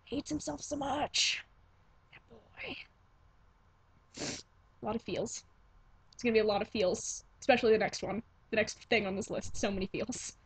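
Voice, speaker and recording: A young woman vlogs to her computer webcam at home, gushing, swearing, and cutting herself off as she rambles. She talks fast in a medium pitch with fairly even intonation and a breathy edge. The webcam mic gives poor audio quality.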